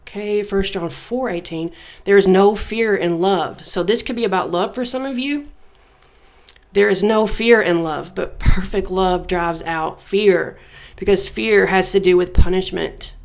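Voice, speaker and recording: A young woman giving a casual tarot reading, thinking aloud with frequent fillers and reading scripture passages slowly. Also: mid-range voice, creaky. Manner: unhurried, thinking aloud with many fillers, reads verses slowly. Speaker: tarot reader. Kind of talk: casual spiritual reading to camera.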